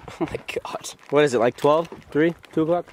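A young man vlogging outdoors, excitable and laughing often, exclaiming as he talks. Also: fairly high pitch, brisk. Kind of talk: casual outdoor vlog. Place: outdoors at an off-road site.

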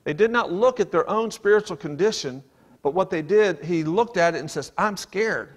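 Speaking fairly quickly in a high voice, a man preaches a sermon, reading King James verses aloud and explaining them earnestly and emphatically.

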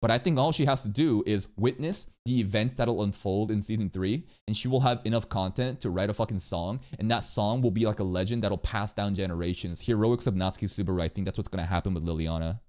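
A low-pitched man streaming a casual reaction, talking through what he watches. He swears freely, and his voice shoots up into loud, excited rants. Then it drops back into an easygoing explanation. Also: quick pace, hardly any pauses.

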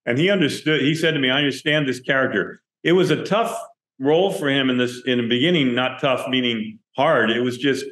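Speaking slightly quickly in a mid-range voice, a male director recounts film-set stories for an interviewer, bringing each quoted line to life as he tells it. The room sounds echoey.

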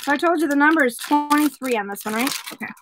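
A woman's voice: sits high, fast, noisy background. A woman selling jewelry in a casual vlog, chatting playfully and telling a joke to viewers she names. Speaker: jewelry seller.

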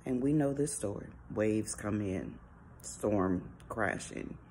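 Woman doing a slow devotional talk, low mellow voice, swoops up and down a lot, bit of hiss behind. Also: expressive. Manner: earnest, conversational preaching with rhetorical questions. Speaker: devotional speaker.

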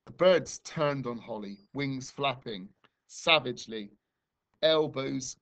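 A man who teaches primary school reads a novel aloud to his pupils. He tells it expressively, swelling and dropping for drama. His voice sits at an ordinary middle pitch. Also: slow. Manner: expressive storytelling, dramatic dynamics. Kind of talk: reading a novel aloud to a class.

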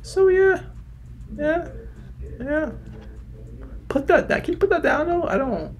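A man from New Jersey, a streamer, talking in a put-on high falsetto that slips deeper now and then, brash and swearing. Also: lively intonation, a little slow, long pauses, a little hiss or hum. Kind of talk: prank chat with a stranger.

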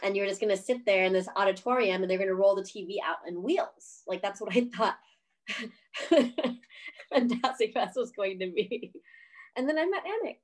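A woman's voice: mid-range voice, animated, moderate pace. Woman filmmaker on a video call telling a story, super chatty, cussing, like like like, laughing a lot. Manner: chatty, profane, says "like" a lot, laughs often. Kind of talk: casual storytelling in an interview.

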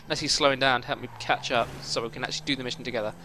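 A man's voice: mid-range voice, fairly even intonation, racing, sharp tone, a little hiss or hum. A young man commentating his own gameplay, swearing often and boiling over in frustrated outbursts. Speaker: gaming YouTuber.

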